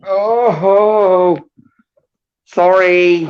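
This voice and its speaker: A woman's voice: mid-range voice, extremely slow, pauses often, darkish tone. A woman co-hosting a casual livestream chat, often laughing, sighing and groaning. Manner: laughs a lot, groans and sighs. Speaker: co-host. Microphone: video call. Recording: dull lo-fi stream audio.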